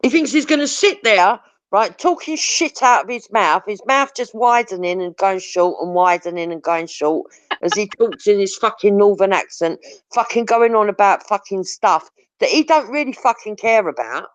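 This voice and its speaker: A woman's voice: mid-range voice, animated, moderate pace, no room sound. A woman ranting bluntly and confrontationally, swearing heavily as a live-stream talk host. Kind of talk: heated profane rant. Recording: dull lo-fi audio.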